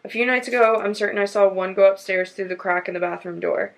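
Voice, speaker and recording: Creaky-voiced woman podcast host. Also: medium pitch, quick pace, low-quality recording. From North Carolina. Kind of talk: casual chat and reading stories aloud.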